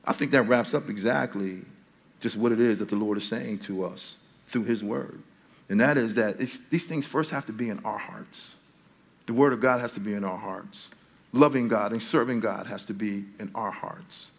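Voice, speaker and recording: Halting conversational male pastor. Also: fairly low pitch, gravelly, slightly rough. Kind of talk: sermon. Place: church.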